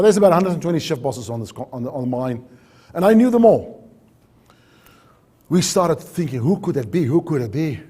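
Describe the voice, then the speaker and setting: A man who worked as an HR manager at a mine, telling a story in a vivid way that swings between loud and hushed. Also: on the high side, husky. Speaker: former HR manager at a mine, safety speaker. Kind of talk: dramatic storytelling talk.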